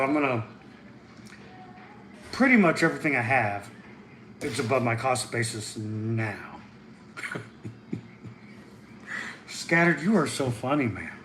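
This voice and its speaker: A man hosting a livestream, chatting casually, excitable and rambling, hopping from topic to topic and reading out viewer comments. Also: medium pitch, slight background noise. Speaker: channel host reading live chat.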